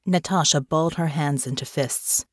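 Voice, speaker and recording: A woman reading an audiobook in a measured, even storytelling voice. Her pitch sits low for a woman, and the recording is dry and close with no room sound. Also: no room sound. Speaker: audiobook narrator. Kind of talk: scripted audiobook narration.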